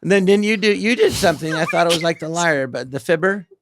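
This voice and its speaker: A man in his sixties, a comedian on a live podcast recorded in a theatre, telling animated anecdotes and slipping into character voices. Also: on the high side, quick pace, background noise. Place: theatre stage.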